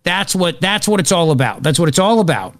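A man hosting live political talk radio, excitable and opinionated, rambling as he reacts to events. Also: on the high side, fairly quick, no echo. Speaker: radio talk show host.

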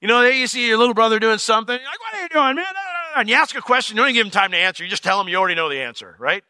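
Bright, animated preaching man. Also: rapid-fire, dry recording, clean studio sound. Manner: animated, conversational, acts out quotes with sudden pitch jumps. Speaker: pastor. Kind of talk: sermon, verse-by-verse Bible teaching.

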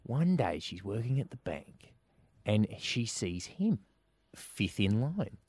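A middle-aged Australian man hosting a casual chat, chatty and quick to laugh as he tells a story. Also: on the low side, big pitch swings, a little mellow, husky, no room sound. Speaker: podcast host.

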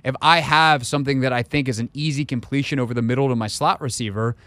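A man's voice: mid-range voice, fairly even intonation, quick pace, fairly bright tone, dry recording. A man hosting a sports talk radio show from a studio, giving blunt opinions in a loose, conversational way. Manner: opinionated, conversational, thinks aloud with fillers.

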